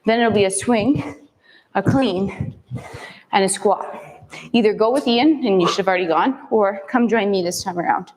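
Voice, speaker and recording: A woman's voice: mid-range voice, normal speed, darkish tone, big-room sound, rough recording. A woman fitness instructor leading a follow-along kettlebell workout, cueing moves in short upbeat counts.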